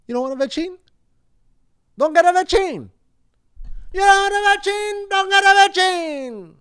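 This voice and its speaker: A loud, exaggerated stereotypical Italian guy, as a man puts him on hammers the same line again and again. The voice leaps up high and swings wildly. It sounds dry and close. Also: expressive, normal speed, dry recording, heavily acted. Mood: pushy. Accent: put-on Italian.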